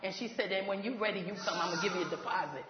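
A woman in ministry telling a faith testimony, animated and laughing as she goes, acting out what others said. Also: medium pitch, racing, background noise. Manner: animated, laughs while talking, acts out quoted voices. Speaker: ministry leader. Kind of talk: testimony storytelling. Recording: echoey hall, dull lo-fi sound.

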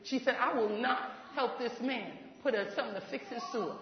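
Brisk woman ministry leader, animated testimony with laughs, heard in a big echoing hall. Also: a little high, noisy background. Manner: animated, laughs while talking, acts out quoted voices. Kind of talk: testimony storytelling. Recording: echoey hall, dull lo-fi sound.

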